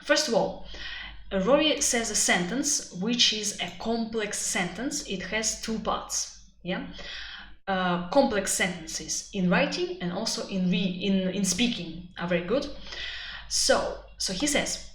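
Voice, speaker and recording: A woman with a Russian accent teaching a live webinar. She talks in an animated, chatty way and uses many fillers. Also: mid-range voice, slow pace. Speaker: IELTS teacher. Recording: echoey room, faint background noise.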